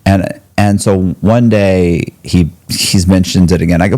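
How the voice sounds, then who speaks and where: A man telling a story as a podcast guest in casual talk, animated, and he jumps up high when he quotes people. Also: moderate pace. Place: podcast studio.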